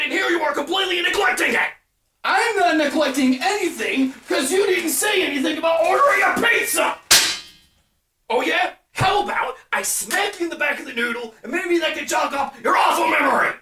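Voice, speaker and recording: A woman acting out cartoon roommates who cannot stop screaming at each other. The voice is high and sharp, and the pitch jumps all over. It is recorded from a distance in an echoey room. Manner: yelling nonstop, frantic and argumentative. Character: screaming young roommates in a petty feud.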